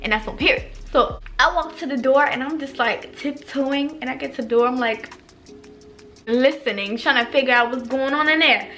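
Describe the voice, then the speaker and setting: A young woman telling stories in a casual, animated way, swearing a lot and acting out what people said. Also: high voice, moderate pace, faint music behind. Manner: animated, profane, acts out quoted lines. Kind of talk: casual storytime monologue.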